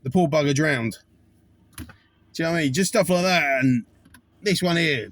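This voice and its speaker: A man's voice: a little high, moderate pace, pauses often, a bit bright, no room sound. A man, a taxi driver telling rambling stories about his fares, full of fillers and restarts. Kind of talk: casual storytelling to camera.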